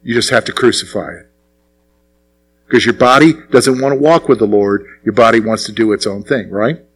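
A middle-aged man preaching a sermon as pastor, asking the congregation questions and answering them himself, with sudden drops to quiet asides. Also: moderate pace, slight background noise, rough recording. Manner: swings between raised, punchy lines and low, quiet asides.

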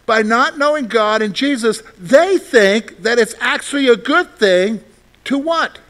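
High-voiced preaching man, animated. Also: measured pace. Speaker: pastor. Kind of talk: sermon.

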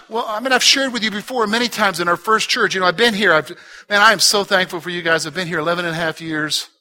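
A man pastor preaching a sermon, swinging between loud urging and hushed, intimate talk and repeating short exhortations. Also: high voice, quick pace.

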